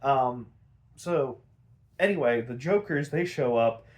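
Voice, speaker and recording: A man's voice: medium pitch, takes it slowly. A young man casually recapping a cartoon episode, rambling and swearing, acting out the characters' lines as he goes. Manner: rambling, profane, animated retelling with acted quotes. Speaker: podcast host.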